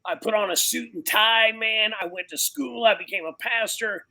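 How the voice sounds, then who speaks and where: A man's voice: high voice, normal speed, creaky, bright, forceful tone, low-quality recording. A pastor speaking casually and animatedly, dropping "man" and "you know" into nearly every sentence. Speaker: pastor and biker ministry guest. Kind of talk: casual conversation.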